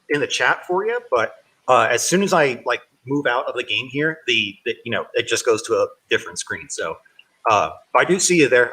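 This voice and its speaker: A man's voice: mid-range voice, bright, forceful tone, slightly rough, poor audio. A man live-streaming a game, chatting casually and greeting viewers, rambling and correcting himself as he goes. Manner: rambling, with frequent self-corrections; friendly, greets viewers by name. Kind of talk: casual live-stream chat while playing.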